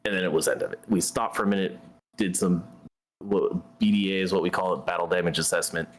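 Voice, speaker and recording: A man's voice: low-pitched, fairly even intonation, quick pace, a little hiss or hum. A man hosting a gaming stream, telling a story in a blunt, profane, conversational way. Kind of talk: casual storytelling while gaming.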